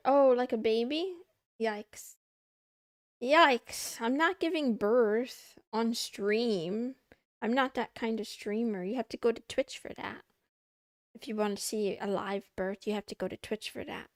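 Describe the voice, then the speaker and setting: A woman's voice: on the high side, measured pace, a little mellow, no room sound, studio quality. A young woman streamer chatting casually to her chat, playful and a bit whiny, meowing and muttering to herself. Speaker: VTuber livestreamer.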